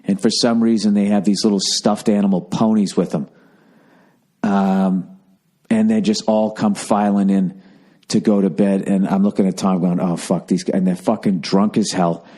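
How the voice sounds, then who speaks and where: A man's voice: lowish voice, little pitch movement, moderate pace, mellow. A man in his forties with a Boston accent, telling a rambling, profane, sarcastic story in a casual comedic monologue. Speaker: podcast host.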